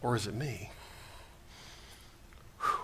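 A male pastor preaching a sermon, swinging between loud emphasis and hushed, intense moments. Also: fairly low pitch, slow, noisy background.

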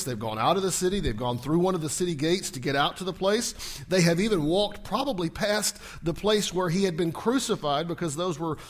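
Preaching a sermon in a voice on the high side, a male pastor narrates the story vividly. He acts out the scenes, shouting at key peaks, and keeps asking the congregation rhetorical questions.

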